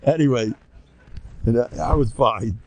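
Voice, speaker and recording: An older rabbi with a gravelly, creaky voice tells stories to his listeners. He is lively and jokey, slips into the voices of the people he quotes, and sprinkles his talk with Hebrew and Yiddish terms. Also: medium pitch, unhurried. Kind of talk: storytelling talk to a live audience.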